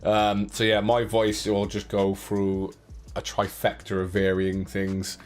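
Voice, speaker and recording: A man's voice: fairly low pitch, monotone, takes it slowly. Chatty man hosting a live draw. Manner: chatty and playful, cracking jokes and counting down. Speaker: giveaway live draw host. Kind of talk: casual live-stream chat.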